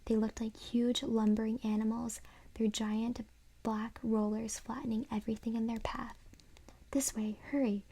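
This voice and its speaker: A woman reading a children's horror story aloud in a soft, unvoiced whisper, as whispered role-play. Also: a little high, monotone, normal speed, vocal fry, husky. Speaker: ASMR reader.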